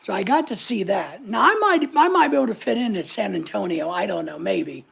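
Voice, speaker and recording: A woman's voice: mid-range voice, expressive, a little fast, vocal fry, fairly bright tone, slightly rough. An older woman hosting a casual live chat, talking in a blunt, opinionated, chatty way. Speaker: channel host answering live chat.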